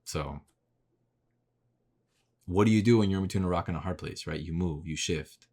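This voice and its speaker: A man's voice: low voice, normal speed, a little mellow, breathy edge. A man talking straight to camera in a casual, rambling motivational monologue, full of swearing and repeated rhetorical questions. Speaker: vlogger. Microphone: camera mic.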